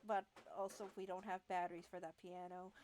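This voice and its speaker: A woman's voice: on the low side, flat delivery, brisk, darkish tone, slight background noise. A woman hosting a gaming video, reading a text adventure aloud with playful, chatty commentary and the odd stumble. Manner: playful, chatty, says "lol" aloud, stumbles over words while reading.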